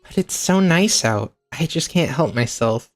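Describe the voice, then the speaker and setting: A woman voicing a sweet, cheerful young village girl in a game, speaking brightly and chirpily. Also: low voice, lively intonation, unhurried, faint music behind, voice pushed up.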